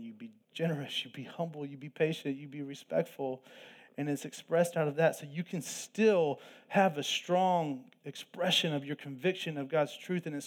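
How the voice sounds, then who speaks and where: A pastor preaching an earnest sermon, with plain asides between scripture readings. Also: male voice, medium pitch, a little mellow. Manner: earnest preaching with asides and quick self-deprecating jokes. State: throat tickle, coughing at times.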